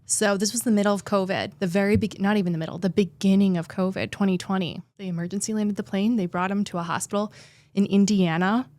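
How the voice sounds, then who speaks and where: A woman's voice: medium pitch, steady tone, quick pace, a little mellow, dry recording. A young adult woman, a therapist and guest, telling a personal story in a heartfelt way, sometimes tearful and full of "like" fillers. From New Jersey.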